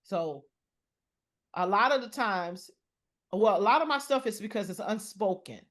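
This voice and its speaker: A middle-aged woman guesting on a podcast speaks with medium pitch, lively intonation, and a fairly bright tone. Earnest and personal, she talks about mental health, repeatedly pausing and restarting sentences.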